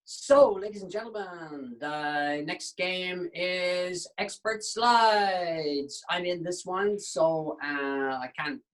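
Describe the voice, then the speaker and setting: A woman comedian hosting an improv show from home over a video call, telling a group story in a lively way and jumping into character voices. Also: fairly low pitch, slow pace, few pauses.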